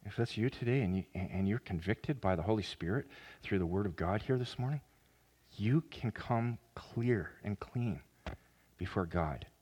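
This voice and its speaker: A man preaching a sermon as pastor, earnest, with sudden loud emphatic rises. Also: on the low side, expressive, normal speed, husky.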